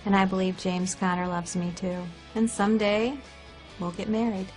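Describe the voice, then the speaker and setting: A woman's voice: medium pitch, fairly even intonation, normal speed, a little mellow, faint music behind. A woman, a talk show guest, telling her own story in a plain, matter-of-fact way. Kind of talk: recorded personal account.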